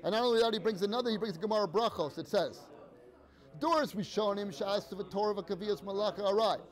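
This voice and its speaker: A man's voice: sits high, a little fast. A man teaching an informal Torah class in a conversational storytelling way, acting out the people in his stories. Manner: conversational, storytelling with Hebrew and Yiddish-inflected terms, acts out quotes.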